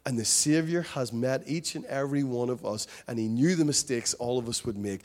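A man's voice: medium pitch, fairly quick, hardly any pauses. A man preaching a sermon, impassioned, often repeating phrases for emphasis. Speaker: pastor.

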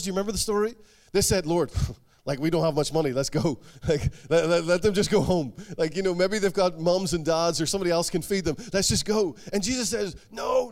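A man preaching a sermon, animated, voicing the people in the stories he tells. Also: high voice. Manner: animated, acts out the quotes he tells. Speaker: pastor.

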